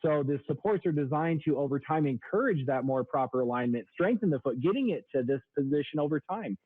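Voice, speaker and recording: A man's voice: animated, a little fast, husky, dry recording. A man in his thirties, a sales trainer, explaining products as a guest on a radio show. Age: 30s. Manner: explanatory, product-pitch delivery. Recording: tinny phone line, dry.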